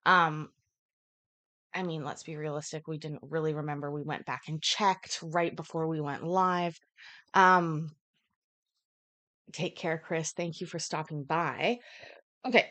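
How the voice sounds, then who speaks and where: A woman's voice: low-pitched, fairly even intonation, measured pace, pauses often, pushed and bright. A woman hosting a casual livestream, chatting in a rambling way with frequent fillers. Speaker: livestream host.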